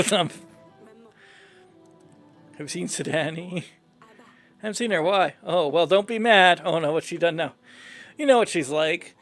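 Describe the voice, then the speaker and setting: High-voiced man reading game dialogue. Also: unhurried, pauses often, a bit bright, soft background music. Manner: playful, reads every character's lines in his own voice. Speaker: gamer reading dialogue aloud. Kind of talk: casual game playthrough commentary.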